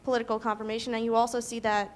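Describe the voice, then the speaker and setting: A woman's voice: fairly high pitch, little pitch movement, rapid-fire, slight background noise. A young woman student asking a long, hesitant question from the audience, with many ums. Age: young adult.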